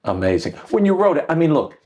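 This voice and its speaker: A man's voice: fairly high pitch, sing-song, fast talker, a little mellow. A man hosting an interview who mostly listens with short affirmations and asks questions. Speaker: interview host.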